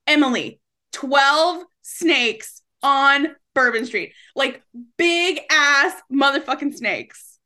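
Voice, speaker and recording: Woman in her thirties, podcast co-host, casual chat, swears a lot, laughs often, crisp bright tone. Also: high voice, takes it slowly.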